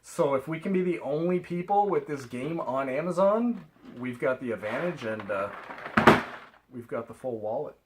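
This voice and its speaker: A man's voice: mid-range voice, expressive, moderate pace, heavy background noise. Chatty Canadian reseller man. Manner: chatty, rambling, laughs at himself. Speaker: reseller vlogger. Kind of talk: casual haul vlog.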